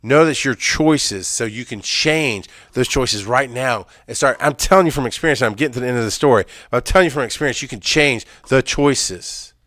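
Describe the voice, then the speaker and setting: A man's voice: mid-range voice, normal speed, few pauses, fairly bright tone, no room sound, studio quality. Intense man telling a raw personal story. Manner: intense, emphatic, repeats phrases. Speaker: EMS worker sharing his story.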